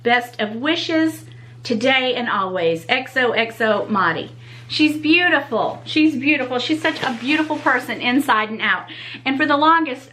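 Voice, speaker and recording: A woman's voice: sits high, expressive, unhurried, pushed and bright, slight background noise, low-quality recording. A woman hosting a casual unboxing vlog, gushing and exclaiming in delight as she talks straight to her viewers. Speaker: YouTube channel host.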